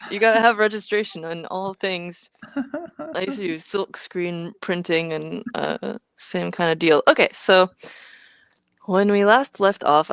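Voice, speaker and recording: A woman with a low, gravelly voice co-hosts a hardware stream in easy, playful chat. She thinks aloud and mutters to herself while she tinkers, tossing in slang. The recording is close and dry. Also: no echo. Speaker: co-host of a live hardware build stream. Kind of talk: casual chat.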